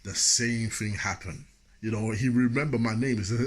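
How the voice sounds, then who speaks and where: A man's voice: mid-range voice, steady tone, normal speed. A man telling a personal story as a motivational speaker, chatty and full of asides.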